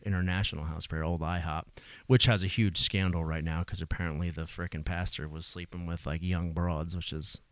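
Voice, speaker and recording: A man in his forties from New Jersey, an EMS worker appearing as a guest, tells his life story casually in a Jersey accent and a deep voice. He's animated, acts out voices, and swears casually in this conversation, captured in a dry recording.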